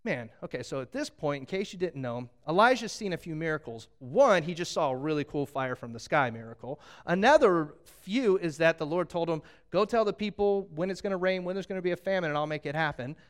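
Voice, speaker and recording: Animated preaching man, high clear voice. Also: a little fast, few pauses. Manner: animated storytelling with humor, acting out quotes. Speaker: pastor. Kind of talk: sermon.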